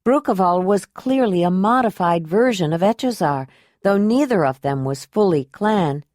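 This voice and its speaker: A woman narrating an audiobook in an even, unhurried storytelling manner. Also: mid-range voice, dry recording, clean studio sound.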